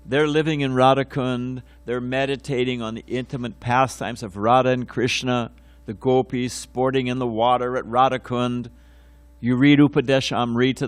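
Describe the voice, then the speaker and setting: A man's voice: mid-range voice, no room sound. An older man giving a casual morning class at a temple, telling anecdotes in a rambling way with many fillers and restarts. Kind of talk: informal temple lecture with anecdotes. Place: temple lecture hall.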